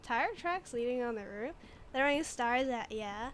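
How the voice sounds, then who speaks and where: A woman's voice: a little high, lively intonation, measured pace. Giggly woman streaming a game. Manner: chatty, giggly, reads game text aloud. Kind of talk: casual gameplay commentary.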